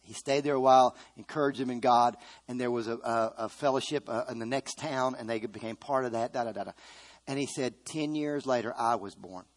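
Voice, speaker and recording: A man's voice: mid-range voice, brisk. A man preaching a sermon, earnestly retelling a story with quoted dialogue.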